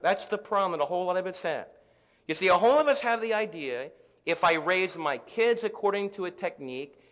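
A man preaching a sermon as pastor, climbing to loud peaks and then dropping soft. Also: high-pitched. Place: church sanctuary. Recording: reverberant church hall.

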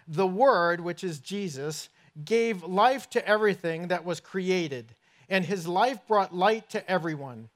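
A middle-aged male pastor with a high, light voice preaches from the front of a church sanctuary. He tells homey, self-deprecating stories before moving into scripture, and his pitch rises well above that of most men. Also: unhurried, a bit bright. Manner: folksy, self-deprecating storytelling. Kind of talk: sermon.

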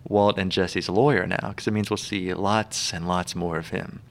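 A podcast co-host with a low, gravelly voice chats casually about a TV episode at a normal speed. The banter is relaxed, and he laughs often.

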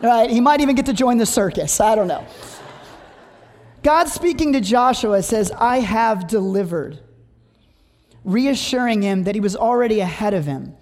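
Preacher doing a sermon, reads the verses then cracks jokes, mid pitch, big hall echo. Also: animated, moderate pace, darkish tone. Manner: humorous, anecdotal, reads scripture aloud. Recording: long hall reverb.

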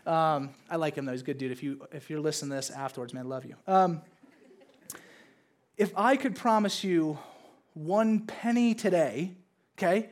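A man in his thirties preaching a casual sermon to a congregation, playfully acting out his kids and God in raised voices. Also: on the high side. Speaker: pastor. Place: church service with congregation.

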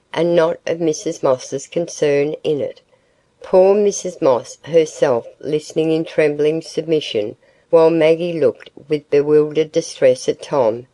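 A woman with a low, warm and mellow voice reads a classic novel aloud. Her narration is measured and even, calm storytelling from start to finish. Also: no room sound, low-quality recording. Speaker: audiobook narrator. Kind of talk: scripted narration.

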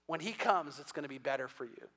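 A man's voice: on the high side, animated, fast, a bit bright, breathy edge, in a large hall. A man preaching an evening sermon as pastor, earnest and emphatic, often repeating words and voicing what listeners might say.

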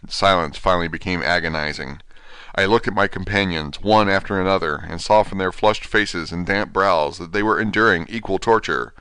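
A man narrating an audiobook in a steady, measured reading. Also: deep voice, clean tone, no room sound. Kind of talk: scripted narration.

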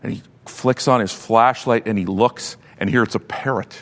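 A man in his fifties, a pastor giving a sermon with animated, joking storytelling. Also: lowish voice, normal speed, hardly any pauses. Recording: long hall reverb.

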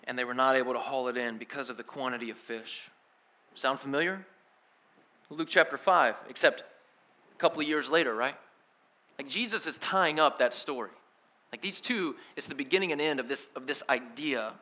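A man preaching a sermon as a pastor, telling the story in a lively, casual way with slang. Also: mid-range voice, moderate pace.

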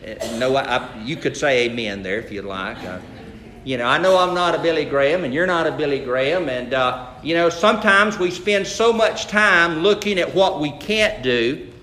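A man's voice: on the high side, expressive, normal speed, sharp tone, a little hiss or hum. A man, the pastor, preaching a sermon in a folksy, conversational way with frequent restarts. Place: church sanctuary. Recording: echoey church sanctuary.

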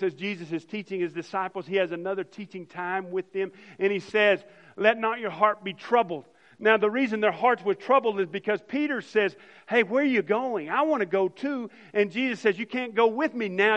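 A male pastor delivers an Easter sermon in a fairly high voice. He talks in an animated way, rising to loud emphasis and dropping to soft, hushed lines. The recording sounds dull and lo-fi. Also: big-room sound.

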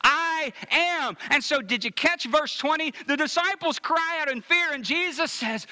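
A male pastor preaching from scripture, his voice high and strikingly bright with a sharp edge. He reads the verses aloud and addresses the congregation directly. His delivery swings between hushed, low-pitched moments and raised, emphatic ones. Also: unhurried, few pauses. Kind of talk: sermon.

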